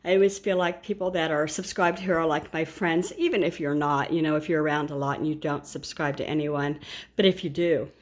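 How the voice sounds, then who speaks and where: A woman's voice: sits low, fairly even intonation, fairly quick. Chatty grandmother showing a shopping haul. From United States. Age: older. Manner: chatty and rambling, with asides and self-corrections. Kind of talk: casual chat to camera.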